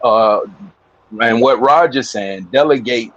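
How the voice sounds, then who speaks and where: Slow, husky man on a dull mic. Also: medium pitch, fairly bright tone, dry recording. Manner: slow, hesitant, stammers at the start of each thought. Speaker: panelist. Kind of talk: live online debate.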